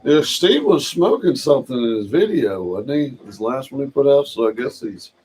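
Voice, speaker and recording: A man's voice: mid-range voice, expressive, moderate pace, darkish tone, low-quality recording. A man, hosting a live stream in a casual chat, speaking to viewers in chat by name in a laid-back way.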